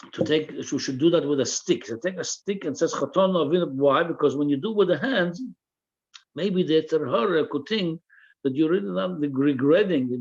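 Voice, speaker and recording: With a voice on the high side, darkish and slightly rough, this Torah teacher is recorded with the highs cut off. He works through a religious text aloud, translating line by line and repeating words while he finds the proper translation.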